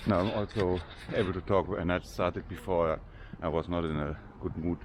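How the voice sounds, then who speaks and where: Older German man with a deep voice. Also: steady tone, normal speed, background noise. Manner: chatty, rambling, unpolished English. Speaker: vlogger. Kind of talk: casual walking vlog. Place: outdoors in a large cemetery.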